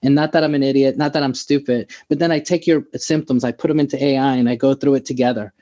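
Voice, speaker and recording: A man's voice: medium pitch, fairly even intonation, fast, dark tone, lo-fi sound. An American man, a doctor, giving an enthusiastic webinar talk in short, emphatic phrases. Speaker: doctor and AI expert speaking at a webinar.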